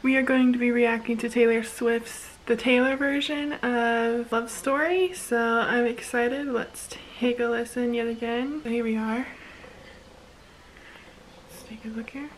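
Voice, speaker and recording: A young woman vlogger reacting excitedly at home, gushing and repeating herself with lots of fillers in casual chat. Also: on the high side, unhurried, hardly any pauses, a little hiss or hum, poor audio.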